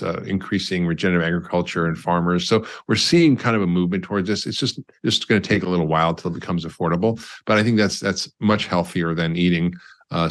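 A man's voice: deep voice, fairly bright tone. A man, a doctor, explaining health topics as an interview guest and listing examples as he goes. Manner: explanatory, lists examples, frequent restarts. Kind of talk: conversational interview.

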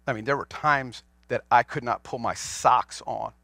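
A man's voice: mid-range voice, steady tone, moderate pace, creaky, few pauses, sharp tone, dry recording. A man in his forties, a pastor, preaching a sermon to his congregation in a folksy storytelling way, asking them questions as he goes. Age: 40s. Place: church sanctuary.

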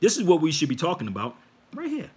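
A man hosts a casual livestream, lecturing his viewers with lively, swooping pitch. His voice sits a bit high for a man and carries a husky edge. He calls out to the audience constantly and presses his point with insistence. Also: fast talker. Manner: animated, preachy, addresses viewers as y'all. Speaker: livestream host.

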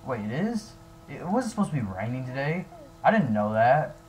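A young man voicing his own character in a fan-made game drama, excitable and swinging between shouting and nervous mumbling. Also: medium pitch, moderate pace, rough recording. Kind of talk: improvised fan machinima dialogue.

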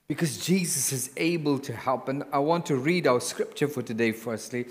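A man preaching a sermon in a church, slow and emphatic, building to loud exhortation. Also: mid-range voice, big-room sound.

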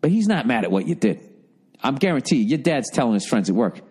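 A middle-aged man hosting a comedy advice podcast, reading listener letters and riffing loudly with profanity. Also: medium pitch, quick pace, slightly rough. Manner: loud, profane, animated riffing with mocking put-on voices. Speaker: podcast host giving advice.

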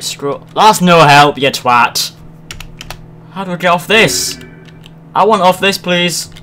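A man playing a horror game on camera, his voice bright and quite high. He swears constantly and yelps or shouts at the screen when startled. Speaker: let's play host. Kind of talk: gaming commentary.

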